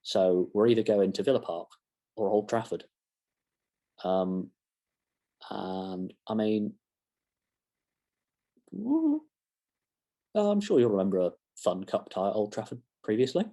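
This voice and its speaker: A man's voice: on the low side, lively intonation, normal speed, dark tone. A young man giving a casual football match reaction to camera, rambling with self-mocking asides. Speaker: fan channel presenter.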